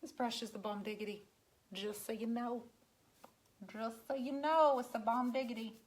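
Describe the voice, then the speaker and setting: A woman's voice: a little high, fairly even intonation, normal speed. A woman painting furniture on a live stream from her home garage, chatting and teasing her viewers as she works. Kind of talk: casual live-stream chat.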